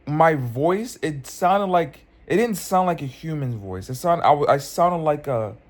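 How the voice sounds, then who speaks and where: Rambling young man recounting a dream. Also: fairly high pitch. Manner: rambling, many restarts and fillers. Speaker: vlogger. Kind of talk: casual dream storytelling. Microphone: phone.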